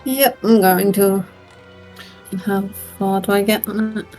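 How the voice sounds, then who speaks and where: A woman's voice: medium pitch, steady tone, slow, warm tone, faint music behind, poor audio. A woman playing a tabletop game, casual and hesitant, swearing lightly. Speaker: player.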